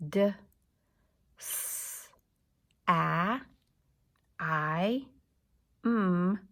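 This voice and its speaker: A woman leads a phonics lesson for young children at a very slow, patient pace. She sounds out each letter carefully, and a gravelly edge of fry runs through her voice. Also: on the low side. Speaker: teacher.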